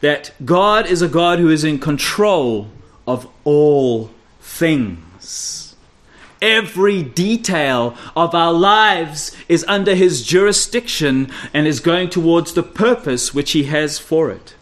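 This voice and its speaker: A man preaching an expository sermon, stressing key phrases by repeating them and dropping low and quiet, and putting rhetorical questions to his listeners. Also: lively intonation, a little slow, hardly any pauses. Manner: asks the audience rhetorical questions.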